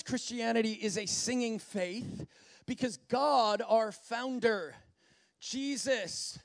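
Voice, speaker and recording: A man preaching a sermon in an animated way, often acting out voices and laughing. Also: very high voice, no room sound, clean studio sound.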